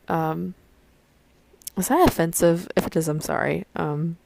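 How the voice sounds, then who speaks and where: A woman's voice: on the low side, animated, moderate pace, gravelly, slight background noise. A young woman hosting her own podcast, talking casually and rambling with many fillers and restarts. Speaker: podcast host. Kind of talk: casual solo podcast chat.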